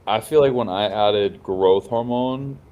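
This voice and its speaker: Deep-voiced young man, crude and slangy. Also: unhurried, warm tone, dull audio, a little hiss or hum. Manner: crude, slangy, laughing often. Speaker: podcast co-host. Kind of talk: casual chat.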